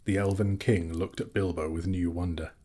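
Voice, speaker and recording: Low husky male storybook narrator. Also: moderate pace. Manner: steady storytelling. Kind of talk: audiobook reading.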